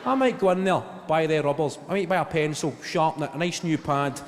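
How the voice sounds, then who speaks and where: Profane Glaswegian comedian on stage. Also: male voice, fairly high pitch, brisk, noisy background. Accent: Glaswegian Scottish. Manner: profane, animated storytelling. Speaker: stand-up comedian. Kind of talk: stand-up routine. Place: live venue on stage. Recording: long hall reverb, loud ambience.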